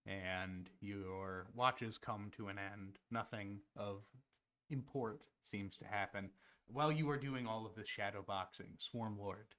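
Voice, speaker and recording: A man as game master, narrating the scene in a measured, descriptive way. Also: lowish voice, bright, forceful tone.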